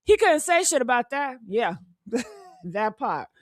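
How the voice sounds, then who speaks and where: A woman's voice: sits high, very animated, takes it slowly, no echo, studio quality. Fired-up sassy woman ranting on a live stream. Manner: fired-up, sassy, calls viewers honey and baby.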